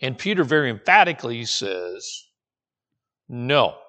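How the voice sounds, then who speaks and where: A man's voice: mid-range voice, expressive, moderate pace, a bit bright. A man preaching a sermon, acting out the quoted voices with frequent restarts. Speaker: pastor.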